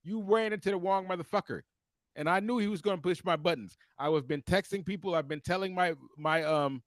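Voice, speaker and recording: A man with a fairly high voice tells a story as a heated, profane rant on a casual podcast. His delivery is animated and full of cussing. The sound is dry and close. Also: brisk, no room sound. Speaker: podcast co-host.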